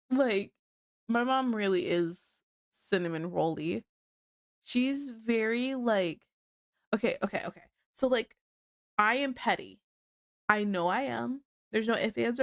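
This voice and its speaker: A woman's voice: fairly high pitch, no echo, studio quality. Giggly stuffy-nosed young woman streamer. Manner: giggly, laughs often and easily. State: sick with a blocked nose, sniffling. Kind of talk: casual livestream chat.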